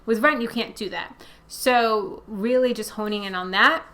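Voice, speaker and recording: A young woman who hosts a personal finance channel runs a casual Q&A, reading out viewer questions and answering them. Her voice is a little high and pushed bright, at normal speed, and she's chatty and conversational with frequent fillers.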